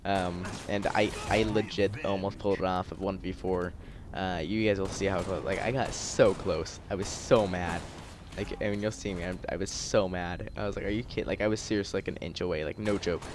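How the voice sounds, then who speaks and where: A man's voice: deep voice, fairly even intonation, normal speed, noisy background. A teenage boy rambling in casual gameplay commentary, full of fillers and frustrated ranting. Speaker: gaming YouTuber.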